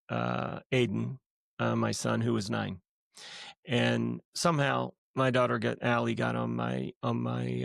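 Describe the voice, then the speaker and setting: A middle-aged man, a guest on his wife's podcast, telling a personal story in a casual, lively way and acting out what people said. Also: medium pitch, creaky, no echo, clean studio sound. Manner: lively storyteller who acts out quotes. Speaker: guest, the host's husband.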